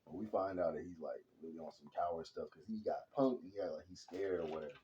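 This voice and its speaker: A man giving a casual, slang-heavy movie review, animated and chatty, calling everyone "bro.". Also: sits low, quick pace, muffled recording, a little hiss or hum. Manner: slangy and animated, says "bro" and "hella" constantly.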